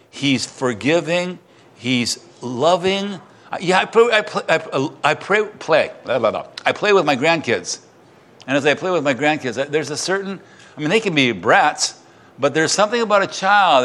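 A man's voice: on the high side, fairly bright tone. An older man, a pastor, leading a sermon and Bible study in a conversational way, with joking asides and digressions.

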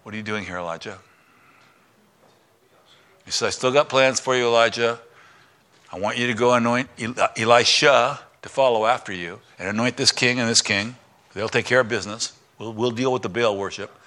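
A man preaching a sermon, retelling scripture with voiced parts, dropping to a hush for God and rising high for Elijah. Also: steady tone, brisk. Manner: drops to a hushed voice for God's lines, climbs high for Elijah's complaints. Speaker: pastor.

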